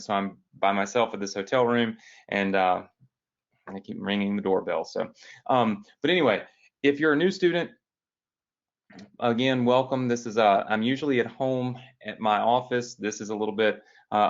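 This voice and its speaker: A man with a sick, hoarse voice hosts a live online business training from a hotel room. He talks to viewers in a chatty, upbeat way and asks them to answer yes. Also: lowish voice, lo-fi sound. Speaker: online business coach hosting a weekly training. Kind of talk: live webinar talk.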